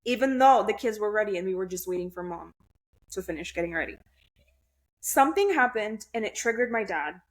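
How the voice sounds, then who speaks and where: Blunt, swearing young woman telling her story. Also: medium pitch. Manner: blunt, swears freely, halting restarts. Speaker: podcast guest. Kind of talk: candid conversational storytelling.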